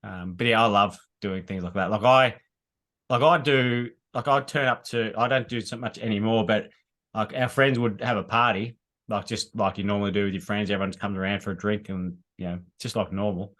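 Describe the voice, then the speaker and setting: An Australian man in his thirties with a low voice, speaking as a podcast guest. He talks casually, searching for words and filling pauses. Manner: even, hesitant, many fillers. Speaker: guest, landscaper.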